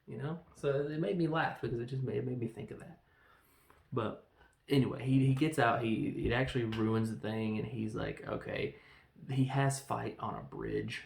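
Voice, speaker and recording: A man reviewing a film in a casual, rambling way, telling the story with animated, acted-out quotes. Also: mid-range voice, normal speed, gravelly. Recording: echoey room.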